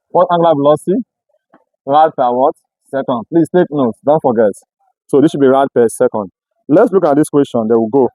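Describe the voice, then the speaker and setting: A man's voice: on the high side, mellow, no echo, poor audio. Questioning male physics tutor. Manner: call-and-response questioning. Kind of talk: classroom lecture.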